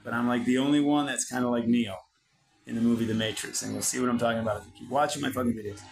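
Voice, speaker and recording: Preaching at the listener like a self-styled prophet, a male channel host swears constantly through a blunt motivational monologue. His voice is mid-range, and the recording quality is low.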